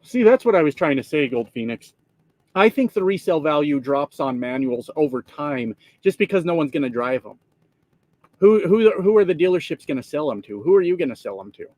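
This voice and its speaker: Trucker streamer, male, slightly high voice, dry close sound, cussing and rambling. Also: sing-song, a little fast, a little mellow, no echo. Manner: profane, rambling, laughs often. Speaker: trucker livestream host. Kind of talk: casual livestream chat reading comments. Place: inside a truck cab.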